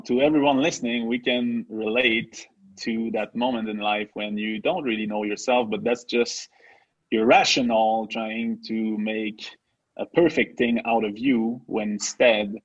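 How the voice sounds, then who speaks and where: Podcast co-host, man from Quebec, slow unhurried delivery, slightly muffled sound. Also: on the low side, slightly rough. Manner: slow, reflective, many pauses and fillers. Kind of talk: casual chat.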